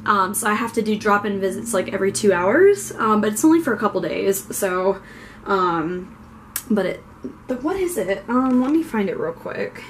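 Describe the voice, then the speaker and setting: A woman's voice: medium pitch, animated, normal speed, a little hiss or hum. Chatty young woman in an echoey room. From Ohio. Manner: chatty and rambling, with many fillers. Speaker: vlogger. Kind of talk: casual chat. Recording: echoey room with faint ambience.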